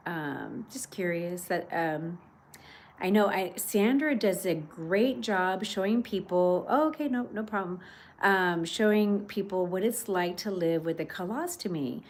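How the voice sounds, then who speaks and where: A woman's voice: lowish voice, a little slow. A middle-aged woman chatting casually on a livestream, rambling with many fillers and restarts as she reads out viewer comments. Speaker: livestream host.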